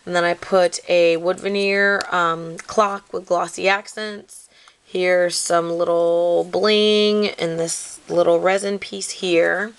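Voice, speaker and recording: Slow gravelly woman explaining a craft. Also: fairly low pitch, little pitch movement. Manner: rambling, many fillers like "like" and "um"; apologetic about filming mishaps. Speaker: craft video maker. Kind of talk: casual craft walkthrough.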